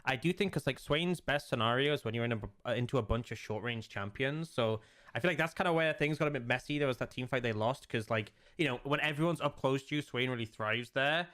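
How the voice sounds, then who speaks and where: A man casting esports, chatting through analysis in an animated way and acting out his own reactions. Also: mid-range voice, quick pace. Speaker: esports caster.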